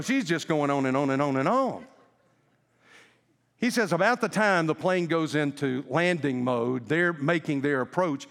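Folksy preacher man with a higher voice. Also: moderate pace, long reverb tail. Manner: animated, folksy storytelling. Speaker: pastor. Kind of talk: storytelling sermon.

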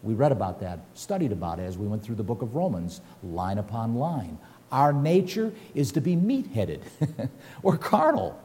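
Older male preacher, mellow tone, long hall reverb. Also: mid-range voice, normal speed. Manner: animated, folksy storytelling with scripture reading. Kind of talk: sermon. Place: church hall at a lectern.

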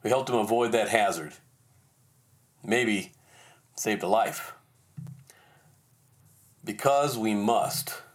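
A man hosting a podcast, telling a personal story in a self-deprecating, animated way. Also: on the low side, slow pace, long pauses. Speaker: podcast host.

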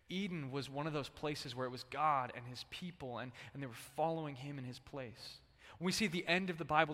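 A man's voice: mid-range voice, big-room sound. A male pastor preaching a sermon in a casual, conversational way, calling on the congregation to answer back. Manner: conversational, animated, prompts congregation to respond. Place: church sanctuary.

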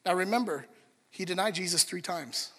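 Male pastor, sermon, bright, forceful tone, conversational and earnest, reverberant hall. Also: sits high, moderate pace. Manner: conversational, earnest, with restarts and asides to the congregation.

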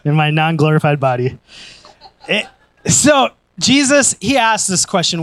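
A male pastor preaching a sermon in a high, bright voice, close and dry on the mic. He swings from lively joking to earnest, softer stretches. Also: a little slow, no room sound. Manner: energetic and joking, then earnest and soft. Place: church.

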